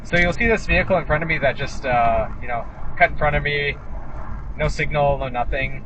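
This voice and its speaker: A man's voice: fairly high pitch, fairly quick, a bit bright. A man, an injury lawyer, talking casually from his car while driving, with wry, sarcastic asides. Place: inside a car driving on city streets. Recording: noisy in-car road recording. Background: car and road noise.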